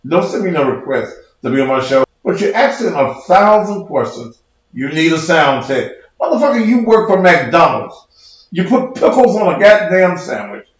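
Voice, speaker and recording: A man's voice: on the high side, sing-song, moderate pace, highs cut off. A man who preaches and hosts his own show, in a heated livestream rant, profane, combative and mocking. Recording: very echoey room.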